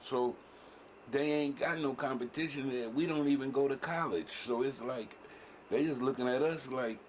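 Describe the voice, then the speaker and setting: A man delivers a blunt, profane rant full of street slang. His voice sits at a middle pitch. A faint hum runs under him. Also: normal speed. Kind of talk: heated street-talk commentary.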